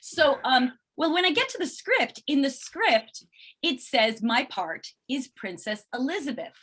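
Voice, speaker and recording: A middle-aged actress chatting as an interview guest, telling stories in an animated way and acting out what people said. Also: female voice, high-pitched, unhurried. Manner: animated storyteller acting out quoted exchanges. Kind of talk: casual interview chat.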